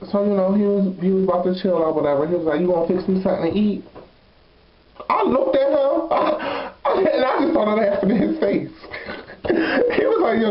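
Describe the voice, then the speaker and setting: A man's voice: fairly high pitch, lightly acted. A man doing a sassy blunt young woman. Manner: frank, sassy, laughs between lines. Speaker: storyteller. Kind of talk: comedic confession monologue. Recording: roomy, slightly dull recording.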